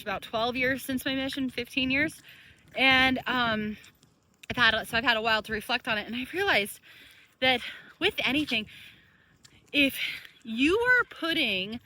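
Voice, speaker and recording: A woman in her thirties talks to camera as a life coach, her voice slightly high and notably bright. She tells stories casually, laughs easily and leans on repeated phrases to drive a point home. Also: slight background noise, poor audio.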